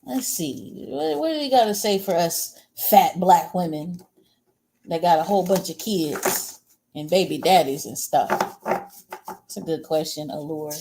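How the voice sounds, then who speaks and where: Low-voiced woman doing a chatty tarot reading. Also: expressive, unhurried, vocal fry, background noise. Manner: rambling, talks back to viewer comments, blunt and crude. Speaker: tarot reader. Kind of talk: casual livestream tarot reading.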